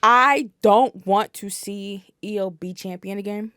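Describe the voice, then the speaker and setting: A woman's voice: mid-range voice, takes it slowly, fairly bright tone, dry recording, clean studio sound. A woman guest on a podcast, talking casually and bluntly, swearing freely and dropping fillers. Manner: blunt and profane, with frequent fillers.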